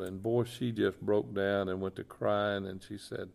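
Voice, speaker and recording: A man's voice: lowish voice, level tone, measured pace, creaky, darkish tone. A middle-aged man, a chaplain telling an earnest, folksy faith story and repeating his points. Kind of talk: testimony storytelling on a talk show.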